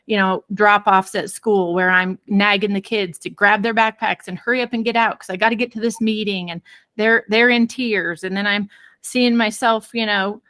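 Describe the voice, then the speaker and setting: A woman's voice: mid-range voice, moderate pace, no echo. Dry-sounding woman telling a personal story. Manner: lively storyteller who acts out quoted voices; many fillers and restarts. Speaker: parenting expert guest.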